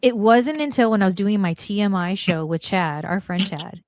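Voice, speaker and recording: Blunt, animated woman telling stories. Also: mid-range voice, normal speed, a little hiss or hum. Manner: blunt, animated, acts out quoted lines. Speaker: podcast guest, former wrestler. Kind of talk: casual storytelling chat.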